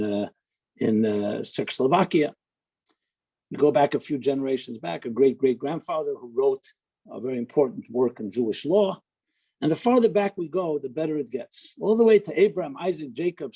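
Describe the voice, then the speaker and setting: A man's voice: mid-range voice, creaky, mellow, husky, poor audio. A man, a rabbi, giving an informal talk, digressing into jokes and anecdotes as he goes. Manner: chatty, digressive storyteller with humor.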